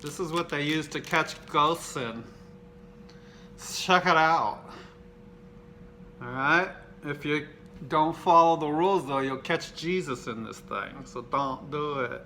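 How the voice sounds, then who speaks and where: A man hosting a casual unboxing vlog, slow and unhurried, with a bright, sharp edge to his fairly high voice. He swears freely and cracks crude jokes, then mocks himself deadpan. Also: a little hiss or hum. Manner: crude, profane joking; deadpan self-mocking. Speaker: video host.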